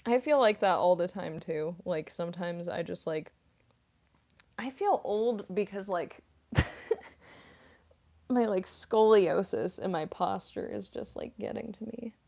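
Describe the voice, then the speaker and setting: A woman in her mid-twenties chatting casually on a livestream, soft-spoken and rambling, with lots of fillers and little giggles. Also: mid-range voice, measured pace, creaky, pauses often. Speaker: voice actress streamer. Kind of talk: casual livestream chat reading comments.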